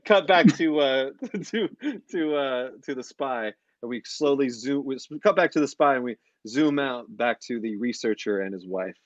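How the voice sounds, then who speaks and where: A man narrating camera shots in an improvised scene, halting and filling with "uh". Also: mid-range voice, expressive, no echo. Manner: laughing, halting camera directions. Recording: dull dry lo-fi sound.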